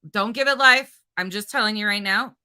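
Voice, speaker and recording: Lady streamer going off, cussing and taunting, bright sharp voice. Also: medium pitch, a little fast, clear, resonant tone. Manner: angry, profane, taunting. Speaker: livestream host. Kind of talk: heated livestream rant.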